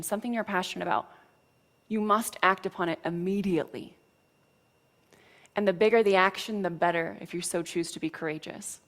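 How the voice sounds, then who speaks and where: A woman teaching as a spiritual coach, talking frankly and casually, with mild cursing and frequent check-ins with her listeners. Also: medium pitch. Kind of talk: motivational teaching talk.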